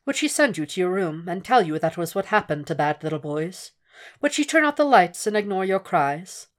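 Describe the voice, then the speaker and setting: A woman voicing a calm, cold, cultured male doctor who speaks in a soft, measured, quietly mocking way. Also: on the low side. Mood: taunting.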